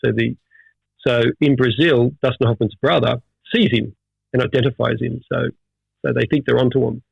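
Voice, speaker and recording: A middle-aged Australian man, a veteran firefighter, talking in an animated storytelling way with many restarts in a casual interview. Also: mid-range voice, moderate pace, creaky, husky, no room sound. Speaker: firefighter guest. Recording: dull dry audio.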